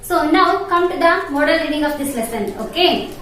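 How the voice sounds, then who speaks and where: A woman's voice: sits high, animated, a bit bright. A woman with an Indian English accent teaching an online English class to young children, spelling each word letter by letter and repeating it. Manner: slow, spells words letter by letter and repeats them. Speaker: primary school English teacher. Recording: echoey room, distant mic, faint noise.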